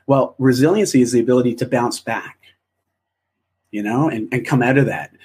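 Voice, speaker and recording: Husky-voiced man, reflective and encouraging. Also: medium pitch, normal speed, a little mellow. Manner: reflective, encouraging, frequent restarts. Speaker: interview guest. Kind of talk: casual interview chat.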